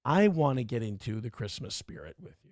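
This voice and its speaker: A man's voice: medium pitch, very animated, fairly quick, a little mellow, dry recording, clean studio sound. A man hosting a live-streamed morning talk show, sarcastic and combative, over and over saying he is sorry. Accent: Upper Midwest American. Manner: repeatedly apologizing, sarcastic and combative.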